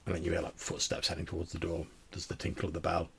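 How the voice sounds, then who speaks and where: A man's voice: sits low, monotone, quick pace, creaky, hardly any pauses, breathy edge. A man narrating as game master of a tabletop game, in a casual, descriptive way.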